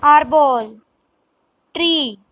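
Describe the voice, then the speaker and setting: A woman reading a vocabulary lesson word by word in a measured, scripted way. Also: high-pitched, fairly bright tone, no room sound, rough recording. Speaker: language teacher.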